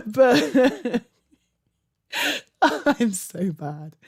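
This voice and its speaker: A woman's voice: high-pitched, vocal fry, darkish tone. A woman host giving rambling, casual gameplay commentary from a home setup, laughing often and muttering asides to herself. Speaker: gaming channel host.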